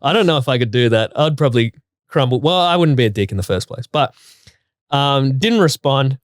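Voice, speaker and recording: A man co-hosting a casual chat show, retelling a listener's story in an animated way. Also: mid-range voice, fairly quick, no echo, clean studio sound. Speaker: co-host.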